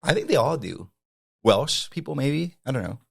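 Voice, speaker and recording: A man co-hosting a casual podcast, laid-back, agreeable and often soft-spoken. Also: medium pitch, sing-song, normal speed, vocal fry, slightly rough. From United States. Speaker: podcast co-host. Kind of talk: casual chat.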